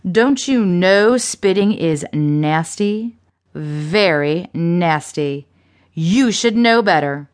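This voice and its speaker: A woman's voice: fairly low pitch, lively intonation, very slow. Woman playing a vicious foul-mouthed femme fatale. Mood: menacing. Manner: cursing, taunting, contemptuous.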